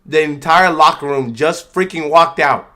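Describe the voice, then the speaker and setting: A man's voice: on the high side, moderate pace, bright, forceful tone. A man hosting a livestream, giving slangy, loose live reaction commentary and talking back at the screen. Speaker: livestream host.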